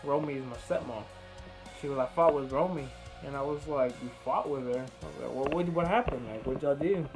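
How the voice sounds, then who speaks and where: Brisk and mid-range, a young male vlogger's voice carries a meandering, profane workout story told casually, with what people said reenacted in quoted bursts. Music sounds clearly behind him on a low-quality recording.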